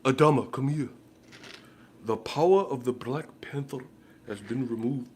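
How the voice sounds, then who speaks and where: A man's voice: mid-range voice, unhurried, darkish tone, a little hiss or hum, close to an everyday voice. A man putting on a solemn movie warrior voice. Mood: commanding. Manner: formal, solemn, over-enunciated. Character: stiff, grandiose male warrior from a superhero film.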